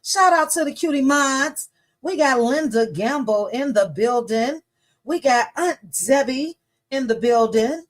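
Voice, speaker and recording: A woman hosting a casual livestream, chatty and warm toward her viewers, greeting each one by name as she scrolls the chat. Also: high-pitched, animated, measured pace. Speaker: livestream host.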